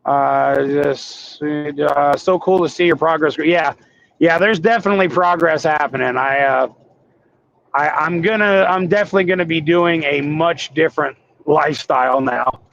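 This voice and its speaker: A man's voice: fairly high pitch, moderate pace, creaky, a bit bright, highs cut off. A man who drives trucks, talking candidly and hesitantly with viewers on a livestream from his cab. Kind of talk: casual livestream chat while driving.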